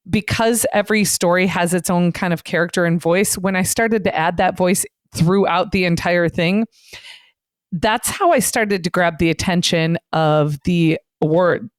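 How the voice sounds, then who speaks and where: A woman co-hosting a podcast in casual chat, animated and rambling. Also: fairly low pitch, smooth, no echo, studio quality. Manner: animated, rambling, quick to laugh. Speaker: podcast co-host.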